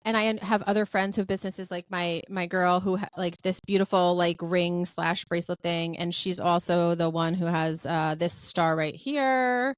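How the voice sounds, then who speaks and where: A woman's voice: fairly low pitch, moderate pace, few pauses, clear, resonant tone, no echo. A woman hosting a podcast in casual chat, talking in a chatty, effusive way with plenty of filler words. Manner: lively storyteller who acts out quoted dialogue. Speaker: podcast host.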